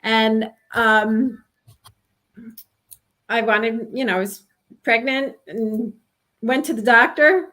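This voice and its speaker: A woman in her sixties from New York recounts a personal experience in an interview. Her voice sits somewhat high, and she speaks earnestly and haltingly, often breaking off and starting a sentence again. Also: fairly even intonation, sharp tone. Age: 60s. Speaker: guest telling her experience.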